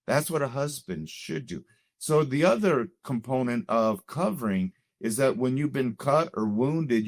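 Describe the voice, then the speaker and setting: A middle-aged man shares a personal testimony in a conversation, earnest and reflective, often pausing with "you know." His voice sits at an ordinary pitch and the recording is close and dry. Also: no echo. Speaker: guest telling his marriage story.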